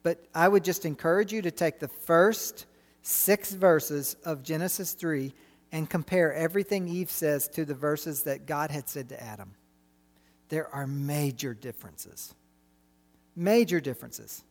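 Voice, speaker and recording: A middle-aged man preaching a sermon, animated and full of rhetorical questions to the congregation. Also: on the high side, unhurried, long reverb tail.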